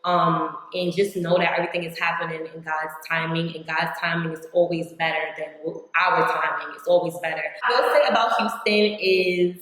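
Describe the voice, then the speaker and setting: A woman's voice: fairly low pitch, steady tone, moderate pace, few pauses, a bit bright. A young woman from New York vlogging a casual life update, chatty, saying "like" constantly and acting out her own past words. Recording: very echoey room.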